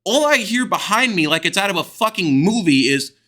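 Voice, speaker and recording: A young man from the United States telling a crude, excitable storytime with plenty of swearing. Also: high-pitched, brisk. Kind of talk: animated storytime vlog.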